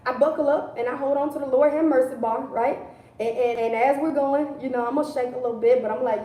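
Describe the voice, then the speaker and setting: Woman preacher, casual livestream sermon, conversational and repetitive, high mellow voice, echoey room. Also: steady tone, fast. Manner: conversational, repeats key phrases, colloquial. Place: indoors, livestream. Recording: echoey room, distant mic.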